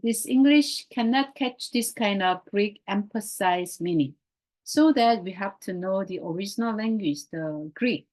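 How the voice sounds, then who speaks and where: A woman teaching a Greek grammar class in a slow, repetitive way, speaking English as a non-native speaker whose first language is Korean. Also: medium pitch, darkish tone. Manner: slow, repeats key words, non-native phrasing.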